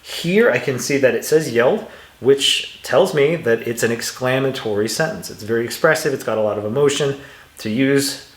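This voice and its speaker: At a moderate pace and in a mid-range voice, a man in an echoey room gives an instructional walkthrough on English punctuation. He patiently reads sample sentences with exaggerated intonation, pausing occasionally to clear his dry throat.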